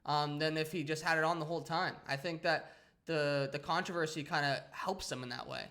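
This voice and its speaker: A young male podcast co-host speaks briskly in a high-ish, pushed, bright voice with fairly even intonation. His casual chat rambles, full of restarts and "like" fillers.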